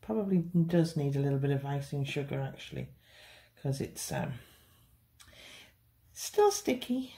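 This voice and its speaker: A woman's voice: extremely low pitch, very animated, unhurried, warm tone. A woman teaching a beginners' cake decorating tutorial, chatty and reassuring. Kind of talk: hands-on baking tutorial.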